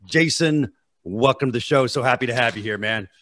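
A man hosting a radio show, brisk and upbeat as he introduces a guest. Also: mid-range voice, a bit bright, slight background noise.

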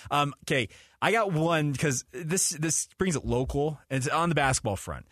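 A man hosting a sports radio show in a studio, bantering casually with animated, chuckling rants. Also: a little high, normal speed, no room sound.

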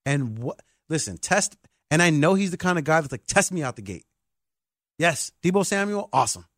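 A man hosting a sports talk show, excitable and emphatic like a hyped fan. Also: a little high, moderate pace, dry recording, studio quality. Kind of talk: animated sports podcast talk.

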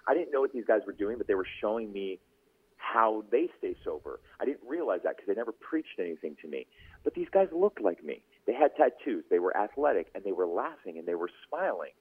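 A man's voice: lowish voice, fairly quick, breathy edge. A man, a podcast host and news anchor, telling his story as a guest in a casual radio interview, acting out the people he quotes. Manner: animated storyteller who acts out quoted voices. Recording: tinny phone-line radio audio.

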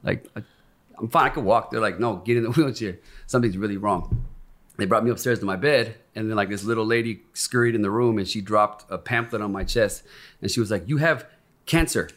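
A man's voice: fairly low pitch, brisk, a bit bright. A man, a podcast guest, telling a personal story in casual, candid talk full of swearing and acted-out quotes. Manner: profane and candid, acts out quoted voices.

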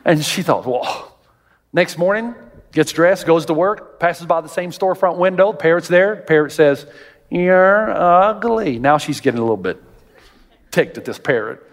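A male pastor delivers a sermon in a high, lively voice, breaking into jokes and climbing sharply in pitch when he quotes people. The sound carries a long reverb, as though he is in a large hall. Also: moderate pace. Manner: animated, jokey, rises high and loud in quoted voices.

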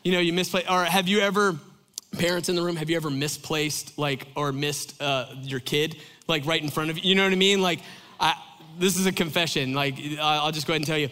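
A man's voice: on the high side, steady tone, brisk, pushed and bright, clean tone, big-room sound. A man preaching a conversational sermon, rambling with fillers and jokey asides to the congregation. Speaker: pastor.

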